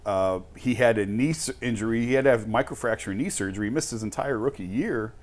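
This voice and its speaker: A man's voice: mid-range voice, quick pace. A man co-hosting a sports talk show who argues his points emphatically. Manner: animated, emphatic arguing.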